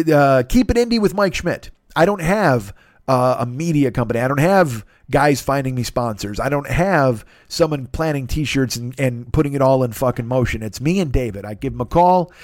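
A man's voice: medium pitch, animated, a little fast, no echo, studio quality. A middle-aged man hosting a solo podcast, rambling and profane, with self-deprecating asides. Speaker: podcast host.

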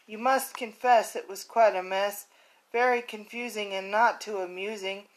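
A woman's voice: medium pitch, fairly even intonation, normal speed, close to an everyday voice, rough recording. A woman voicing a flock of worried birds in a picture book, pleading in rhymes. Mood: fretful.

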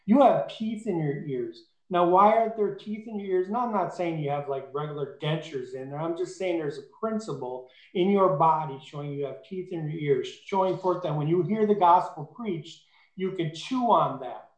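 Guy preaching, high voice, gets loud and emphatic, roomy echo. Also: moderate pace. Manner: emphatic, rising to high fervent peaks. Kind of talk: sermon. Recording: echoey room.

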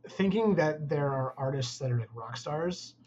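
A man, a game artist guest in a casual interview, talking haltingly with many fillers as he searches for words. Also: fairly high pitch, expressive, darkish tone. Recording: dull lo-fi remote audio with faint noise.

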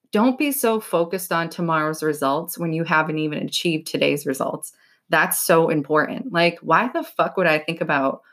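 A young woman talks straight to her listeners on her podcast, blunt and loose, with plenty of swearing and "like" fillers. Her voice sits fairly low for a woman. The delivery is casual motivational chat. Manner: blunt, swears freely, lots of "like". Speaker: podcast host.

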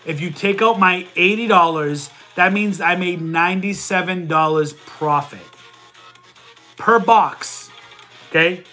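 A man hosting a casual livestream, reading viewers' comments and answering them in a loud, energetic way, working sums out aloud. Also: sits high, a little slow, soft background music. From Italian heritage. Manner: loud and energetic, says he yells. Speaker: livestream host answering chat.

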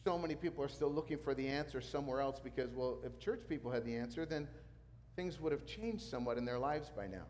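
A man preaching a sermon as pastor, animated and acting out the people in the story. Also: mid-range voice, fast, big-room sound, slight background noise. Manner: animated preaching, acts out quotes.

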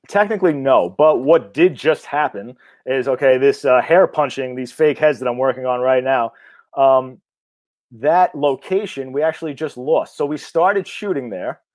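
A man, an independent filmmaker, talking in a casual interview. He is blunt and energetic, swears freely and rambles with restarts. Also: medium pitch, moderate pace, no room sound. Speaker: indie horror filmmaker.

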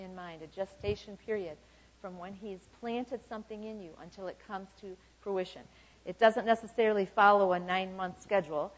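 A woman in her fifties giving an informal, chatty sermon full of "okay" and "you know" asides. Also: medium pitch. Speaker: church speaker. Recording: dull lo-fi recording.

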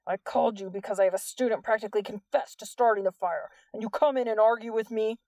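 Woman reading a blustery vice principal, shouts a lot, gravelly, dry close sound. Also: on the high side, fast talker, dry recording, close to an everyday voice. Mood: angry. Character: loud pompous male vice principal, middle-aged.

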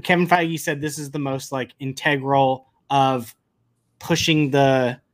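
A man hosting a casual podcast, talking in an unhurried, drawn-out way. He gets excitable and rambles, restarting his sentences as he goes along. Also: mid-range voice. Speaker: podcast host. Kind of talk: casual pop-culture chat.

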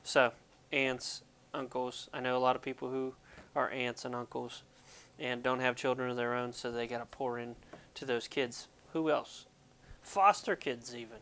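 His voice is mid-range with little pitch movement, sharp yet smooth, delivered at a moderate pace. As a Pennsylvania ministry video host, he gives a jokey, rambling devotional talk that pokes fun at himself.

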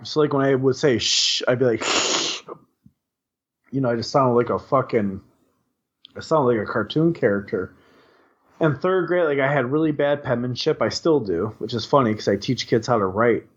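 A man's voice: mid-range voice, brisk, slightly rough, lo-fi sound. A young man from Wisconsin, co-hosting a podcast, telling a long story in casual chat, rambling and swearing with lots of fillers. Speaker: podcast co-host.

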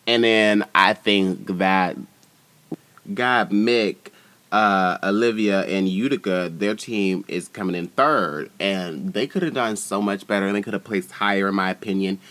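A man hosting a podcast, giving a sassy, profane and animated recap of a show. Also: fairly low pitch, measured pace, no room sound. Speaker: podcast host.

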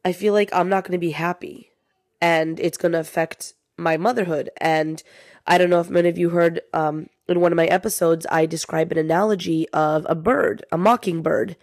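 Chatty young mom podcaster, dry close mic. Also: female voice, on the low side, steady tone, moderate pace, darkish tone, no echo. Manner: chatty, confiding, says "you guys" often. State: sick. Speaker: podcast host. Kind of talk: casual chat to listeners.

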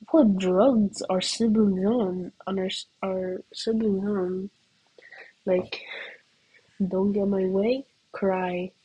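A woman's voice: medium pitch, warm tone, husky, poor audio. A teenage girl student in a casual comedic rant, rambling and giggling with lots of "like". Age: teens.

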